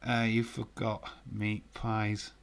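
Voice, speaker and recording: A man with a Yorkshire accent hosting a live stream, chatting in a jokey, laid-back way, with frequent fillers and swearing. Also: on the low side. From Yorkshire, northern England. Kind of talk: casual live stream chat.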